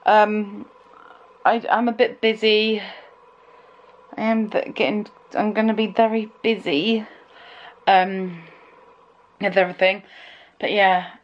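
A woman's voice: mid-range voice, steady tone, a little slow, pauses often, dull audio. A young woman chatting casually at home for her vlog, rambling and emotional, often trailing off mid-thought. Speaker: vlogger.

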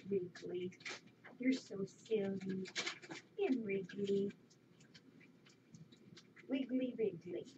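Lady baby-talking her animals, slow and kinda high, dull lo-fi sound with noise behind. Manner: soft cooing baby talk. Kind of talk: casual talk to pets. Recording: dull lo-fi home recording with clear background noise.

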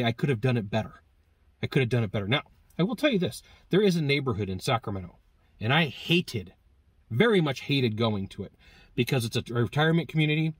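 A middle-aged man giving an energetic, conversational sales training talk, jumping up in pitch for emphasis. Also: no echo. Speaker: sales trainer for HVAC technicians. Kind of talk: instructional talk to camera.

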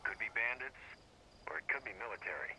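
A video game radio announcer reads out news in a steady, matter-of-fact way through a radio filter. His voice is cutting and very bright, at an ordinary male pitch. A faint hiss sits under the broadcast. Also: a little fast, gravelly, poor audio. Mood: informative. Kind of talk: scripted game dialogue.

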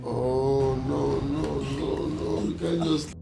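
Palace cook, Nigerian accent, gravelly, pleading, lovesick. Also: male voice, medium pitch, fairly even intonation, takes it slowly, over loud music. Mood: distraught. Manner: pleading, repeats himself in distress. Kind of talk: film drama acting.

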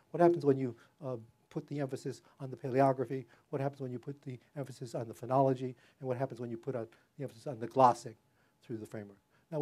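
An older man giving an academic public lecture in a hall, speaking haltingly with many fillers and restarts. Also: medium pitch, warm tone.

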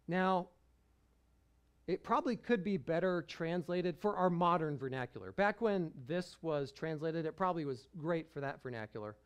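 Man, pastor, sermon, conversational, chuckling, fairly high voice. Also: animated, moderate pace, smooth. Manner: conversational, chuckles while he preaches.

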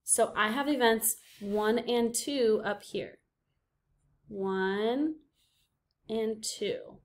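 A woman teaching a recorded reading lesson for young students. Her voice sits a little high, and she explains step by step in a patient way. She keeps checking in with her listeners. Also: very slow. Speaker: elementary school teacher.

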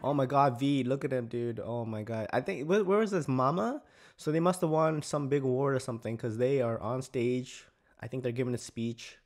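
A man's voice: medium pitch, moderate pace. A man hosting a reaction video, talking casually and exclaiming as he is moved by what he watches. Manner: excitable, exclaiming, easily moved. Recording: loud music from the played clip behind.

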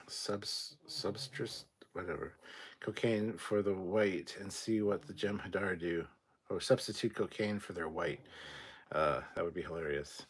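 A man's voice: fairly low pitch, fairly bright tone, slightly rough. A man hosting a casual livestream, reading viewer questions aloud and answering with irreverent, profane, sarcastic rants.

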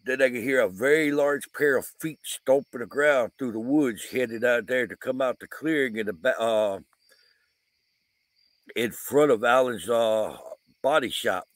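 A man's voice: mid-range voice, measured pace, dry recording. A man with a drawl talks casually outdoors at night by his van, drifting through a story with lots of "uh" and "um." His voice sits mid-range and sounds close and dry. Crickets and insects chirp behind him. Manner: rambling, folksy storytelling with frequent fillers. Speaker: vlogger, paranormal investigator.

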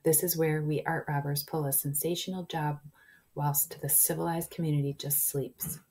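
A pair of boastful sneak thieves scheming in a storybook, read aloud by a woman. The voice is low and mellow and stays conspiratorial. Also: little pitch movement, moderate pace, husky.

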